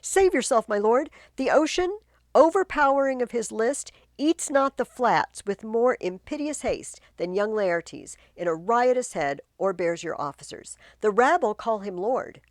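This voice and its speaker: A woman reading the part of a frantic male royal messenger, declaiming verse loudly and urgently. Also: fairly high pitch, expressive, a little slow, no room sound, studio quality, pitched above the performer's own voice. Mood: alarmed.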